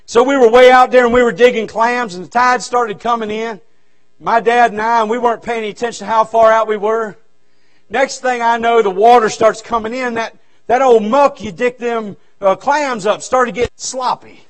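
A man's voice: very high-pitched, steady tone, moderate pace. A man preaching a fervent, folksy revival sermon in a church. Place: church sanctuary.

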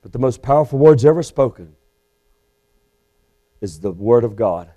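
A man's voice: medium pitch, expressive, moderate pace, mellow. A male Baptist preacher delivering a sermon in a church, urgent and pleading with his listeners. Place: church sanctuary.

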